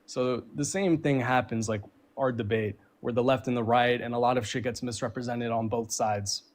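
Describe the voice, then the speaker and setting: A man's voice: medium pitch, steady tone, normal speed. A man arguing as a guest on a call-in debate stream, sarcastic and swearing, laughing off the host. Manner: profane, dismissive, laughing sarcasm. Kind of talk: casual heated argument.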